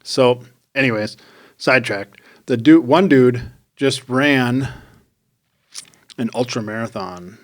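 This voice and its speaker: Excitable joking man co-host. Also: medium pitch, slow pace, long pauses. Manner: excitable, jokey, stumbles and restarts. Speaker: podcast co-host. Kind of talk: casual chat.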